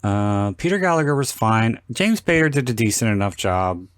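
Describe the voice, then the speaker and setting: A man hosting a podcast, chatting casually about a film and acting out scenes with lively, sweary retellings. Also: lowish voice, moderate pace, smooth, no echo, studio quality. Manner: animated storyteller, acts out quoted lines with swearing. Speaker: podcast host. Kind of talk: casual film commentary chat.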